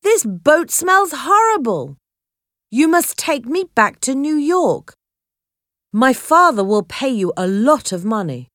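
A woman's voice: high voice, sing-song, slow pace, fairly bright tone, dry recording, studio quality, voice pushed up, full character voice. A woman voicing a spoiled, whiny rich teenage boy who complains and makes demands in a storybook reading. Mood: demanding. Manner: petulant, complaining.

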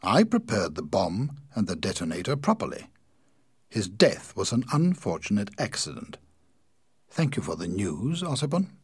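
A man reading the part of a cold, calm male bomb maker, quiet and matter-of-fact, in a husky, lively voice. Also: lowish voice, moderate pace, dry recording, studio quality, heavily acted.

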